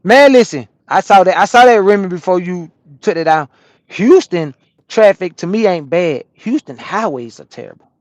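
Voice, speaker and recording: A man from Atlanta, a truck driver chatting casually on a live stream and answering viewers' comments in a relaxed, repetitive way. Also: high-pitched, normal speed, no room sound. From Atlanta, USA.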